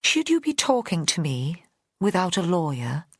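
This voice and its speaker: A woman reading an audiobook, voicing a calm, imperious woman suspect with a posh southern English accent. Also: lowish voice, normal speed, slightly rough, no room sound, studio quality, heavily acted. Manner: haughty and cool. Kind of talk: audiobook character voice.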